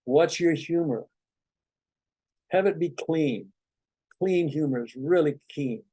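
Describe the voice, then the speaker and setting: A man talking to his students as a meditation teacher, in a loose, rambling conversational way. His voice is mellow and soft-edged, and the recording is dry and close, with no room sound. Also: a little high, slow pace, breathy edge, no room sound. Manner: relaxed, rambling, conversational, many "you know"s. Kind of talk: informal spiritual talk to students.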